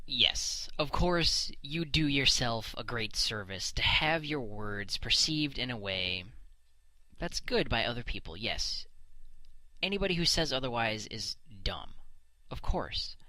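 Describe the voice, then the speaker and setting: A man's voice: mid-range voice, bright, forceful tone, no room sound, rough recording. A man giving an unscripted, blunt, emphatic opinion monologue into a microphone. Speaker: solo commentary host. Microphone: desk microphone.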